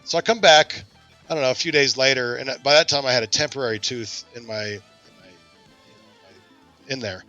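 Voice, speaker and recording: A man hosting a podcast, telling a self-deprecating story in a lively, casual way. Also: medium pitch, fairly quick, pauses often, muffled recording, faint music behind. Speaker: podcast host.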